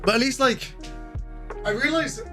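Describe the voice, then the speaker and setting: A man's voice: very high-pitched, a little slow, sharp tone, soft background music. A young British man streaming from his bedroom, greeting viewers by name and chatting in an upbeat, casual way. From United Kingdom. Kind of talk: casual livestream chat.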